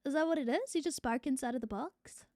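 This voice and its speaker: A woman's voice: high-pitched, fast, darkish tone, no room sound, clean studio sound. A young adult woman streamer chatting casually to her viewers, swearing freely. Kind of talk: casual live-stream chat.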